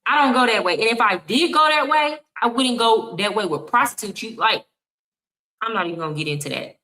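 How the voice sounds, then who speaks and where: A woman's voice: fairly high pitch, animated, brisk, bright, forceful tone, rough recording. A woman hosting a reaction video, speaking bluntly and confrontationally with heavy swearing. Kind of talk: angry reaction commentary.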